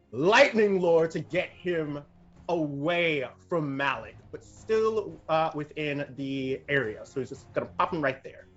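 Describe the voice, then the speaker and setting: A man with a somewhat high voice plays a tabletop game in a relaxed, casual way, filling gaps with "uh" as he describes his moves. The audio is muffled and lo-fi, and soft music plays beneath it. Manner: relaxed, full of uh fillers. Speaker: player.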